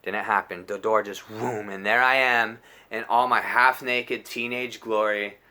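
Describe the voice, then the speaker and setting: A man in his twenties telling a crude personal story, slangy and animated, full of dude and bro. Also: fairly low pitch, unhurried. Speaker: storyteller vlogger. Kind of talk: casual storytime monologue.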